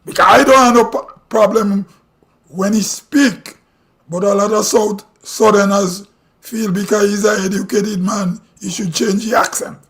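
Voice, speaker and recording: High-pitched Grenadian man ranting live. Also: fairly even intonation, measured pace, a bit bright. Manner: blunt, ranting, rhetorical questions. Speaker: livestream host. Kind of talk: opinionated live commentary. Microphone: streaming mic.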